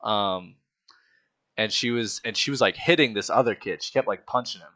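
A man's voice: on the low side, moderate pace, pushed and bright. A young man telling a childhood story in casual podcast chat, laughing often and acting out the other people's voices. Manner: laughs often, acts out voices in his stories.

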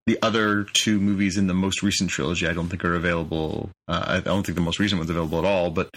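A man co-hosting a podcast, talking in a measured way and reading bits of an article aloud. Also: low voice, fairly even intonation, a bit bright. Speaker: podcast co-host. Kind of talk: casual chat.

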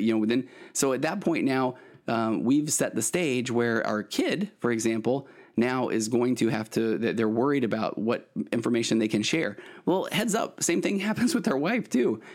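A man's voice: medium pitch, animated, normal speed, darkish tone. A middle-aged man, a therapist hosting his podcast, giving earnest advice in a rambling way with many restarts. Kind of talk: solo podcast monologue, advice.

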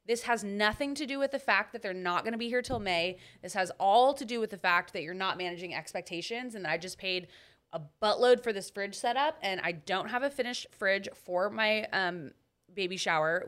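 A woman's voice: fairly low pitch, a bit bright. A woman in casual chat, venting frankly and bluntly about her frustrations.

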